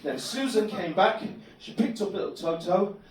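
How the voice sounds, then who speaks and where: A man doing a stand-up comedy set in a club, telling absurd stories deadpan. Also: high-pitched, normal speed. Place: comedy club bar room. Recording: echoey club room from a distant mic.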